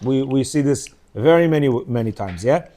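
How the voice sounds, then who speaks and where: A man's voice: mid-range voice, expressive, normal speed, mellow. A middle-aged man giving an informal religious lecture, conversational and often checking in with his listeners. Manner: conversational, keeps checking in with "yeah?" and "you know"; acts out quoted speech in shifting voices. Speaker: religious teacher.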